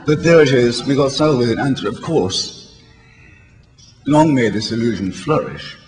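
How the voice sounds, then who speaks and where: A British man in his sixties gives an eloquent, wry, polemical speech to an audience, his voice hoarse and failing. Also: medium pitch, expressive, moderate pace, darkish tone, faint music behind. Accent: British English. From England. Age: 60s. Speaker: speaker addressing a convention. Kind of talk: public speech. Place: large hall before an audience. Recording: reverberant hall with faint background noise.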